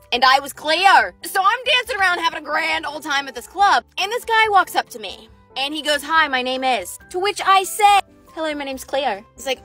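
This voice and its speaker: High bright young woman telling a comic story. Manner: animated and dramatic, with emphatic outbursts. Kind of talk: comedic storytime monologue.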